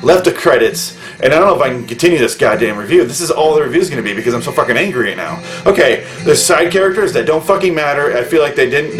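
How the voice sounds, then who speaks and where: A man's voice: fairly high pitch, a bit bright. A man reviewing a movie in a furious rant, swearing constantly and bluntly listing everything he hated. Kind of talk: angry profane rant.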